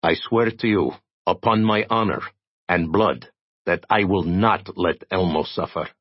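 A man's voice: low-pitched, a little slow, husky, dry recording. A man voicing a proud, imperious alien nobleman. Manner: formal, imperious. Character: proud emotional male alien aristocrat. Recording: dry, dull lo-fi recording.

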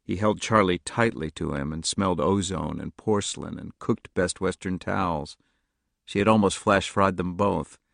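A man narrating a novel in a steady, measured audiobook reading, close to the mic. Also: low-pitched, creaky, no room sound. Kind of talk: scripted narration.

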